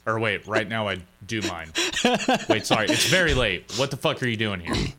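Man voicing a suspicious old guy in his late fifties, low gruff voice, forceful tabletop-game character. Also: expressive, moderate pace.

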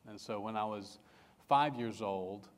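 Middle-aged pastor preaching in a reverberant hall. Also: male voice, lowish voice. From England. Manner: halting, personal storytelling with many restarts. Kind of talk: sermon.

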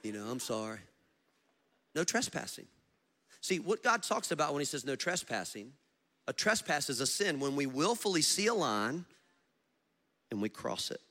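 Animated, bright-toned male pastor preaching. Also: normal speed, long pauses. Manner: preaching with big swings between loud emphasis and low storytelling; tells stories with acted dialogue and asides. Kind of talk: sermon.

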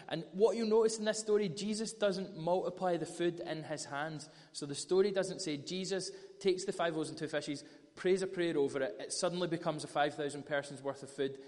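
A man's voice: on the high side, brisk, hardly any pauses. Man preaching in a reverberant hall. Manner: storytelling, animated retellings of scripture. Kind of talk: sermon.

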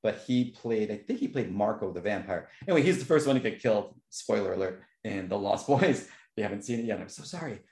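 A man chatting casually, telling stories with lively jumps into a higher voice when he quotes reactions. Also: fast, few pauses. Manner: animated storyteller, voice jumps high for quoted reactions. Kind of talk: casual chat. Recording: echoey room.

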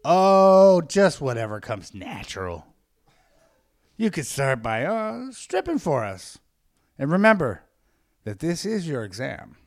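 A man's voice: on the high side, very animated, slow pace, pitched above the performer's own voice, heavily acted. A man voicing lecherous little male dwarves in a sly, wheedling, overplayed comic way.

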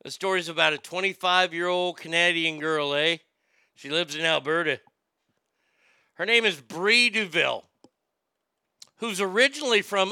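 A man's voice: sits high, normal speed, pauses often, pushed and bright, clear, resonant tone, no room sound. A man hosting a casual comedic chat, wisecracking about odd news stories. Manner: wisecracking, drifting into mocking bits.

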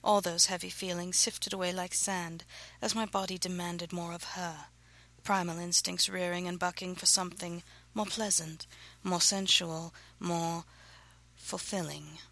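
A woman reading her own erotic novel aloud, narrating softly and breathily, often close to a whisper. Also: on the low side, little pitch movement, measured pace, rough recording.

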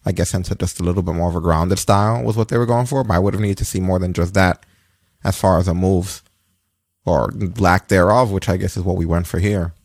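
A man's voice: steady tone, a little fast, a little mellow, no room sound, clean studio sound. A man co-hosting a casual podcast, recapping wrestling in a rambling way with frequent fillers. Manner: rambling, swears, breaks into high laughing rants. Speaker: podcast co-host.

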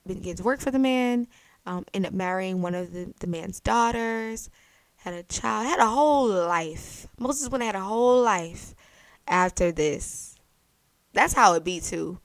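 A young adult woman hosting a faith podcast, telling a Bible story in a lively, chatty way. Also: mid-range voice, measured pace, dry recording. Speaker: podcast host. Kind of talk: faith-based podcast talk.

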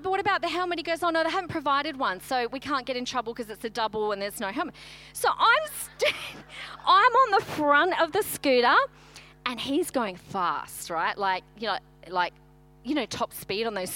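Brief: high-pitched middle-aged woman pastor, chatty and animated sermon storyteller. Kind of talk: sermon with personal stories.

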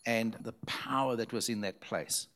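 A man's voice: medium pitch, normal speed, a bit bright. A male pastor from Zimbabwe telling stories in a sermon, emphatic and repeating key phrases for effect. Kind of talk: storytelling sermon.

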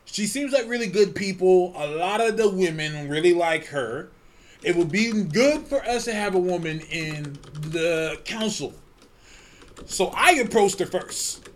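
High-voiced man telling a story. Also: a little slow, slight background noise. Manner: animated, profane, laughs often. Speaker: podcast co-host. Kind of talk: casual storytelling chat.

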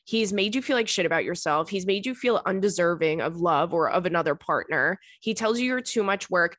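A woman in her thirties hosts a podcast, handing out blunt advice full of swearing in casual chat, getting riled up and loud. Her lowish voice is animated and a little fast with few pauses. The sound is dry and close, with no echo.

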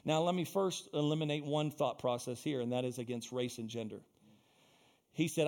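A man's voice: mid-range voice, fairly quick, darkish tone. A male pastor preaching a sermon in a church, building into fervent, repetitive exhortation.

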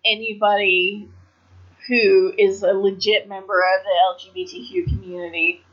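A woman's voice: mid-range voice, normal speed. A woman co-hosting a casual chat, agreeable and jokey, often chiming in. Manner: agreeable, jokey, with lots of backchannel. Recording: dull lo-fi recording.

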